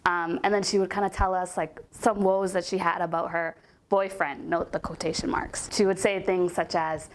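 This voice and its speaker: A woman's voice: on the low side, level tone, moderate pace. A young woman telling a casual storytime about a coworker, chatty and full of "like" and "um" fillers.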